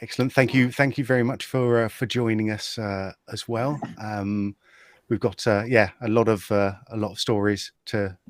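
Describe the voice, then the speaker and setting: A man's voice: fairly low pitch, steady tone, moderate pace, no room sound. A man hosting a casual livestream chat, talking with lots of fillers and restarts over a video call. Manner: chatty, hesitant, many fillers and restarts. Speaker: host.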